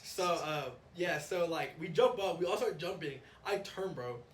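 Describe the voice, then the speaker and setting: A young man co-hosting a casual podcast, telling a story with excitement and calling his friend bro. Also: on the high side, measured pace. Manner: excitable, animated storytelling, says bro often. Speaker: podcast co-host. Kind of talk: casual chat. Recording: roomy, distant, faint noise.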